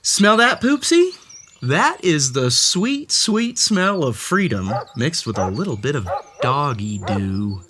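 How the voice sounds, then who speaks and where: A theatrical children's story narrator whose pitch swoops wildly up and down from line to line. The delivery is slow and unhurried, every phrase stretched out for young listeners, with a steady hiss of background noise under the voice. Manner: playful, theatrical, talks directly to the story's cat. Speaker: storybook read-aloud host.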